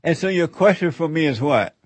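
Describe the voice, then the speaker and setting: A man's voice: fairly high pitch, expressive, brisk, husky, dry recording. A man hosting a call-in radio show, rambling and laughing as he gives spiritual counsel.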